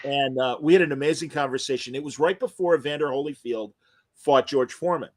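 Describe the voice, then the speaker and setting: A man hosting an interview podcast, telling stories in an animated, emotional, casual way. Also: medium pitch, fairly quick. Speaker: podcast host interviewing comic creators. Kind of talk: casual chat.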